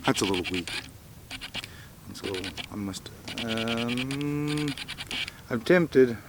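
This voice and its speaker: A middle-aged man films a casual solo camping vlog at an outdoor campsite, meandering through his thoughts with lots of fillers and restarts. His mid-range voice is expressive and slow, captured by a distant camera mic with noisy audio and autofocus clicks.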